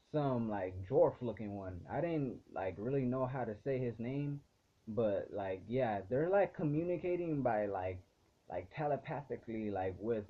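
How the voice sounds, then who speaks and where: A man in the middle of a casual episode recap, rambling along with "like" in nearly every phrase and swearing as he goes. His voice sits at an ordinary pitch. The sound is thin and tinny, as if over a phone line. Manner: rambling, heavy use of "like" fillers, frequent swearing. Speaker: anime episode reviewer.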